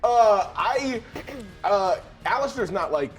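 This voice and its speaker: A man playing a tabletop game, casual and flustered as he jokes around. His voice is high and swings up and down a lot, with music faint underneath. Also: animated, slow pace. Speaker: player.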